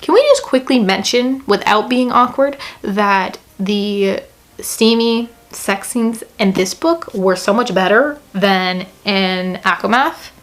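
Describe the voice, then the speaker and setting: A young woman chatting casually in a book review vlog, gushing and excitable, often saying "like" and reading passages aloud. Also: medium pitch, takes it slowly.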